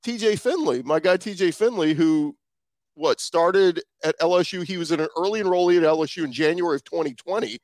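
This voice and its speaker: High-voiced man co-hosting a podcast. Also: darkish tone, dry recording, clean studio sound. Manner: quick, conversational, rhetorical questions. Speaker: guest podcast co-host. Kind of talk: casual sports podcast chat.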